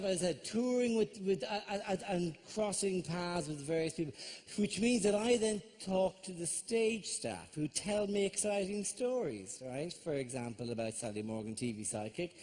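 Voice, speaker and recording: A stand-up comedian with an Irish accent, talking in a slightly raised pitch. He tells his stories as a sardonic rant, building to angry punchlines on a theatre stage. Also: lively intonation, normal speed, a little mellow. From Ireland. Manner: sardonic, ranting storyteller. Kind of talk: stand-up routine.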